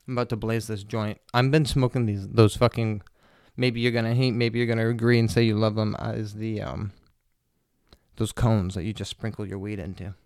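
A man's voice: on the low side, little pitch movement, normal speed, darkish tone, smooth, no echo, clean studio sound. A young man hosting his own podcast, telling loose, profane, jokey stories in a casual rambling monologue. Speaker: podcast host.

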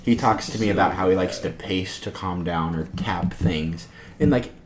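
In a deep voice at normal speed, a young podcast co-host casually shares stories from work, acting out the people he quotes. The chat is recorded in an echoey room with loud noise.

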